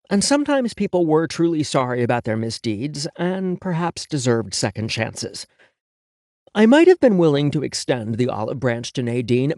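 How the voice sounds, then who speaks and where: A man's voice: medium pitch, darkish tone, dry recording, clean studio sound. A man narrating a first-person audiobook in a sassy, sarcastic and profane manner.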